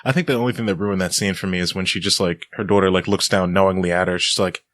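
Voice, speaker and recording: Deep-voiced man joking on a podcast. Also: fairly even intonation, quick pace, fairly bright tone, no room sound. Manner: joking, acting out quotes. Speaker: podcast co-host. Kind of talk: casual movie review chat.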